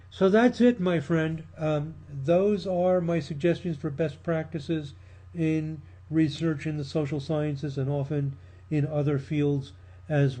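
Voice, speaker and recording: Guy lecturing, mellow kinda high voice, lots of ums, voice a bit worn. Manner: measured, with frequent ums and restarts. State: losing his voice. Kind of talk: recorded lecture.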